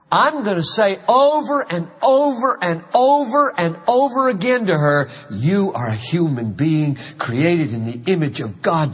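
A man's voice: fairly high pitch, fairly bright tone, slightly rough. Earnest man preaching in an echoey hall. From American South. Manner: earnest, conversational preaching with emphatic repetition. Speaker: pastor. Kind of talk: sermon.

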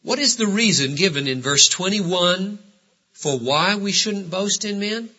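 A man preaching a sermon, emphatic and full of rhetorical questions, with sudden swings between loud and quiet. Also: high voice, expressive, slightly rough. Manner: rhetorical questions, drawn-out phrases. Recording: dull lo-fi sermon recording.

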